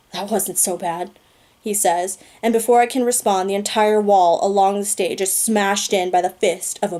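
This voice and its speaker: A woman reading a novel aloud, giving a steady first-person narration as an audiobook reader. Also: mid-range voice.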